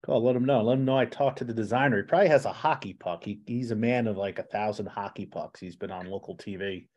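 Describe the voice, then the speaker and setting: A man's voice: fairly low pitch, quick pace, a little mellow, highs cut off. A man hosting a podcast interview, chatting casually with lots of restarts and asides. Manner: rambling, many restarts and asides. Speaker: podcast host.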